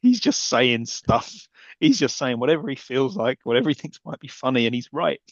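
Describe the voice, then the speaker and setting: A man's voice: medium pitch, animated, a little fast, dry recording. A man co-hosting a podcast, ranting sarcastically and swearing about a film's plot. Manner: sarcastic, exasperated rants with swearing. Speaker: podcast co-host. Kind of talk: casual chat. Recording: dull lo-fi dry sound.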